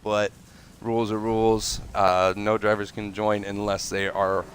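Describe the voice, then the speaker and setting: Battling a cold that leaves his voice a bit nasal and congested, the league host and event coordinator makes rambling, chatty livestream announcements at a measured pace. His fairly low voice sounds flat, his speech is peppered with fillers and corrections, and a little hiss or hum comes through.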